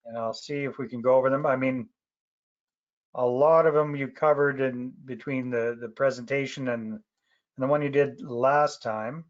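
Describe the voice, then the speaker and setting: A man from Canada hosting a live webinar Q&A over a video call, relaxed and friendly, a little halting. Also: mid-range voice. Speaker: webinar host. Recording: muffled lo-fi call audio.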